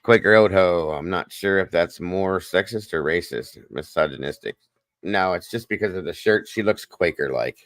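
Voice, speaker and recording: A man's voice: sits low, moderate pace, no room sound. A man hosting a casual livestream, greeting viewers by name and chatting with them, wired on coffee. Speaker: livestream host. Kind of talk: casual livestream chat reading comments.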